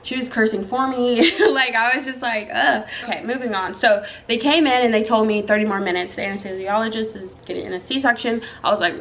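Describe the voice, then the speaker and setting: A woman's voice: fairly high pitch, fairly bright tone. Chatty emotional young woman vlogger. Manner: chatty, emotional, addresses viewers as girl and y'all. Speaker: vlogger telling her birth story. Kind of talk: casual storytelling to camera.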